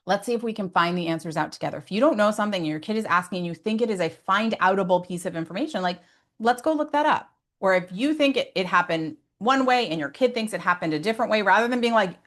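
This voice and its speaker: A woman's voice: medium pitch, quick pace. A woman giving parenting advice in an earnest, conversational way, often adding "like" and "right?" as asides. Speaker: behavior specialist.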